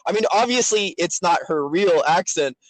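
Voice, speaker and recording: Lively, laughing podcast host man. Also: high-pitched, moderate pace, no echo. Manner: animated, laughs often, teasing. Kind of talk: casual chat.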